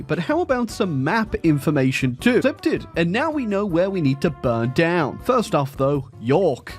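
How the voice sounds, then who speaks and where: A man giving sarcastic, joking commentary on his strategy game as a regular channel host. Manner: wry, sarcastic jokes with sudden high pitched jumps. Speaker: gaming commentator. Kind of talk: comedic gameplay commentary. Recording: game music faintly behind.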